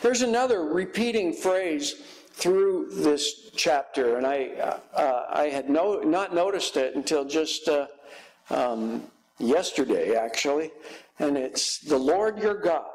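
A guest pastor, a man, preaching a sermon in a church, slow and halting with frequent fillers. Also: fairly high pitch, expressive, rough recording.

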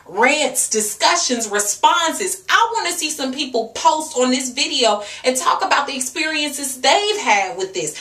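A woman's voice: sits high, pushed and bright, reverberant, distant mic. A woman, giving a passionate, preachy vlog rant full of rhetorical questions. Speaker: natural hair and fitness vlogger.

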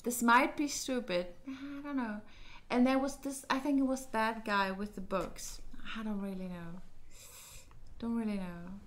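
A woman's voice: a little high, steady tone, unhurried. Hesitant woman streaming a game. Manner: thinking aloud, hesitant, many fillers. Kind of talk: casual let's-play commentary.

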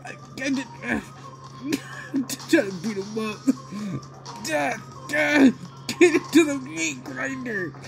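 A man giving excited gameplay commentary, yelling, laughing and pleading with his opponents as he plays. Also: very high-pitched, takes it slowly, creaky, music in the background. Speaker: gaming video creator.

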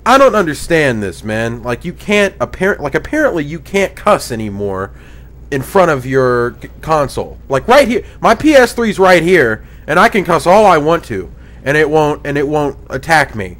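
A man's voice: on the high side, a bit bright. A man hosting a gaming video, ranting indignantly with plenty of profanity. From United States. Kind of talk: gaming commentary rant.

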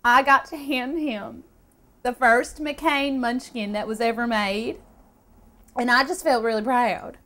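A woman plays a chatty young woman who keeps getting teary and overwrought as she rambles. Her voice is on the high side and climbs sharply. It is an improvised comedy bit. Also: steady tone, takes it slowly, fairly bright tone. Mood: emotional. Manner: chatty, tearful overemotional rambling. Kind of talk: improvised character audition.

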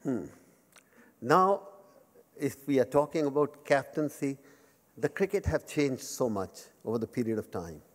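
A man's voice: medium pitch, expressive, a little slow, long pauses. A man in his fifties with an Indian accent, giving a humorous lecture in simple English mixed with Hindi and joking about himself. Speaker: guest speaker at a memorial lecture. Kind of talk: humorous speech to a live audience. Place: large lecture hall. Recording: long hall reverb.

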